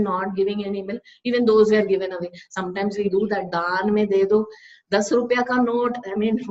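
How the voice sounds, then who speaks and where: Indian woman teacher, light higher voice. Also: darkish tone, lo-fi sound. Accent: Indian English. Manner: conversational, rhetorical tag questions. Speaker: spiritual teacher. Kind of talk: Vedanta scripture talk.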